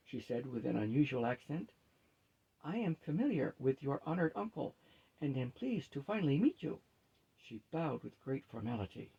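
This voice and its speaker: Gravelly, husky man reading a story aloud. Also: medium pitch, big pitch swings, normal speed, warm tone, dull audio. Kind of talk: reading a fantasy novel aloud.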